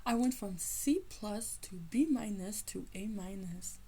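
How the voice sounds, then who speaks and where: A woman shares a personal testimony of faith, telling it with lively, animated storytelling. She slips into the voices of the people in her story as she goes. Her voice sits at a middle pitch for a woman. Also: a little slow, breathy edge, low-quality recording. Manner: animated, acts out quoted people. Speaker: faith teacher sharing a testimony.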